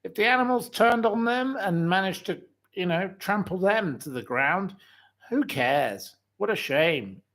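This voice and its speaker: Host in his forties, outraged rant, higher-pitched male voice, unhurried, repeats himself. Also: expressive, fairly bright tone. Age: 40s. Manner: indignant, repetitive, heaps up insults. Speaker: channel host. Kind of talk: ranting livestream commentary.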